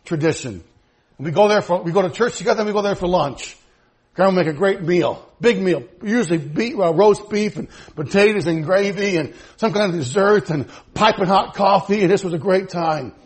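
A pastor preaching a sermon to his church, moving from low, quiet passages to loud, high, laughing emphasis. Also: moderate pace, husky.

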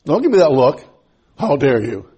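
A man preaching a sermon in a church, impassioned and repetitive, swinging from loud to hushed. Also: on the high side, very animated, moderate pace, husky, muffled recording. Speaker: pastor.

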